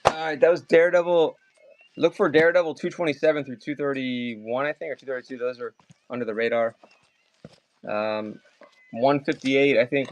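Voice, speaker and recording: A man's voice: medium pitch, muffled recording. A man with a Maryland accent hosting a casual live sale of comics, chatting and calling out bids. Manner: chatty, rambling, calls bids fast. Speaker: livestream seller. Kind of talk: casual live auction chat.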